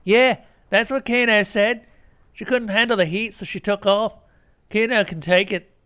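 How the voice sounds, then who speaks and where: A man voicing a brash, foul-mouthed male punk who speaks of himself in third person, in a shouty, crude and boastful manner. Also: sits high, fairly even intonation, normal speed, clear, resonant tone, pitched above the performer's own voice.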